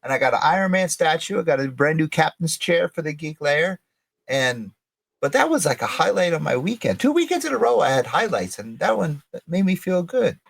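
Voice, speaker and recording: A middle-aged man co-hosting a podcast stream, chatting in an excitable, effusive way. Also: a little high, a little fast, creaky, husky. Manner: excitable and effusive, voice jumping up when thrilled. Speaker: podcast co-host. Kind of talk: casual livestream chat.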